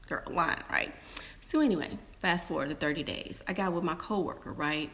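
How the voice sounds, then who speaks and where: Woman vlogger, lower pitch, chatty storyteller who acts out quotes in squeals and whispers. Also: fairly quick, fairly bright tone, a little hiss or hum. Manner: chatty, addresses viewers as y'all and girl. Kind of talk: casual storytelling to viewers.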